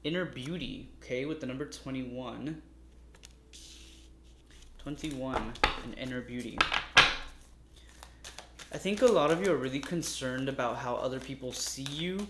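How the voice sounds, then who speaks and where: A man's voice: medium pitch, a little slow, pauses often. A man giving a casual, meandering tarot reading, talking straight to his viewers and sounding a little exasperated. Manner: chatty, meandering, addresses viewers warmly as loves. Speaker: tarot reader. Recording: echoey room with faint noise.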